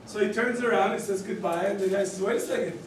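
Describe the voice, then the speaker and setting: A man's voice: sits high, quick pace, slight background noise. A rabbi teaching a group through story cases, acting out the characters' lines and quizzing his listeners. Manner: animated storyteller who acts out the characters' quoted lines; quizzes listeners with questions and chuckles. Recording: very echoey room, voice from far off.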